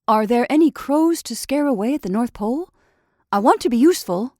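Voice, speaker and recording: A woman's voice: a little high, expressive, normal speed, a little mellow, no echo, studio quality, voice pushed up, lightly acted. Woman doing a timid, pleading scarecrow. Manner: pleading, anxious, raised voice. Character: timid, lonely scarecrow, anxious and eager.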